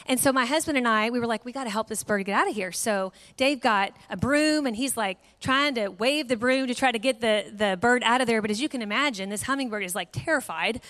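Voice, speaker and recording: A middle-aged woman giving a sermon, telling a family story in a lively way and acting out voices. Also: on the high side, fairly quick, hardly any pauses. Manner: animated storyteller, acts out voices. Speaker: guest speaker. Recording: long hall reverb.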